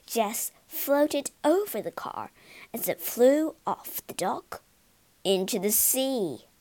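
Woman reading a storybook, slow, lively intonation, dry close recording. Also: on the high side, no room sound. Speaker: narrator.

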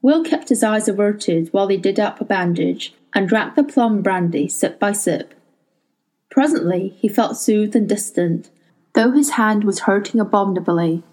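A woman reading a novel aloud in a steady, measured storytelling voice. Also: mid-range voice, rough recording. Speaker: audiobook narrator.

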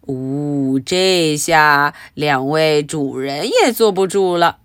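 A woman with a low voice reads a storybook aloud slowly and explains it, teaching expressively and often asking her listeners questions. The recording is dry and studio quality.

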